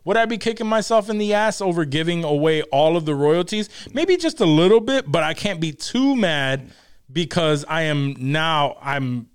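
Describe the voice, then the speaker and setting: Man co-hosting, smooth clear voice, kinda high, rambles and restarts a lot. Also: animated, normal speed. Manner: rambling, repeats himself while thinking aloud. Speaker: podcast co-host. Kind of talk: casual chat.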